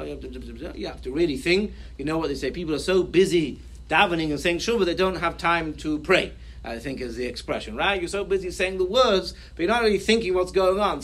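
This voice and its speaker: Bright, high-voiced rabbi teaching. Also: male voice. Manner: reads Hebrew sources aloud, then explains them in English; animated, acts out people's reactions. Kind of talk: Torah talk to a congregation.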